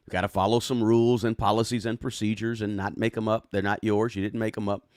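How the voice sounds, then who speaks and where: A man's voice: fairly low pitch, level tone, quick pace, a little mellow, dry recording, clean studio sound. A man hosting a live personal finance stream, talking casually, reading viewer comments aloud and often tagging on "right?". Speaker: personal finance livestream host.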